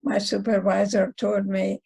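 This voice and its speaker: An older woman in her nineties, a psychologist and guest speaker, telling stories slowly and deliberately, with short sayings and a Hungarian mother tongue. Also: medium pitch, little pitch movement, dark tone, poor audio. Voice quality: gravelly, husky voice. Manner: slow, deliberate storytelling with aphorisms. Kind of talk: speaker series talk.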